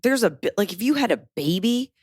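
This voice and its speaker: A young adult woman hosting a podcast, reading a listener's letter aloud with animated, comic asides. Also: a little high, fairly quick, slightly rough, dry recording, clean studio sound. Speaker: podcast host.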